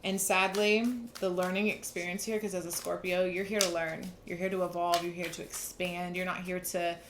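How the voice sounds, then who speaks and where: A woman's voice: fairly low pitch, little pitch movement, moderate pace, background noise. A young woman giving a casual, earnest tarot reading, talking emphatically and restarting often. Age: young adult. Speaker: tarot reader.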